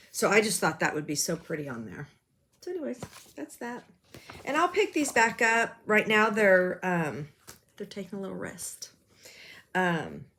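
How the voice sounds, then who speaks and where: A woman chatting casually about her stitching projects, rambling and self-deprecating, with lots of ums. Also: fairly low pitch. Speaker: cross-stitch vlogger. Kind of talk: casual show-and-tell chat.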